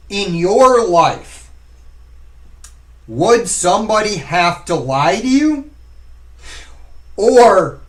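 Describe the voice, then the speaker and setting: A man hosting a live stream, talking casually and rambling as he addresses his viewers directly. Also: high voice. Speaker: streamer host.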